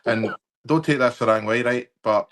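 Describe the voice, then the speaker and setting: A man's voice: mid-range voice, normal speed, fairly bright tone. A man hosting a casual football podcast, asking his guest rambling questions. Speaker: podcast host. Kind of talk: casual interview chat.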